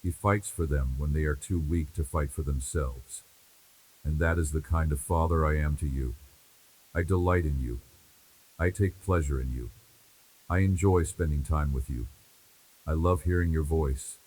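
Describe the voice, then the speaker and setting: Man with an extremely deep voice. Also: a little mellow, a little hiss or hum, poor audio. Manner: measured, repetitive, reassuring cadence. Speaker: devotional speaker. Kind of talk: scripted devotional message spoken in God's voice.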